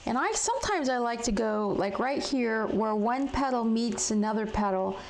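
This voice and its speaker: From home, a woman hosts a casual live crafting session, coloring as she chats and answers viewers with plenty of fillers and restarts. Her voice sits on the high side, animated and gravelly with a touch of fry, at normal speed. The audio is poor, with a faint hiss of noise beneath her.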